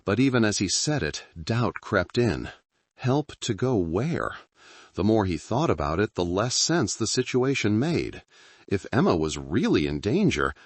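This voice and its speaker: Man, narrator, dramatic thriller reading, low voice, husky. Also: big pitch swings, a little slow, no room sound. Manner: dramatic, tense storytelling. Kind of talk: scripted narration.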